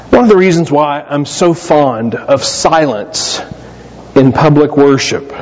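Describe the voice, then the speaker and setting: A man preaching a sermon in a church, his voice a little higher than most men's. He tells stories with sudden animated rises and keeps a steady preaching rhythm. The sound is dull and lo-fi, with a long reverb from the hall. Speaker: pastor.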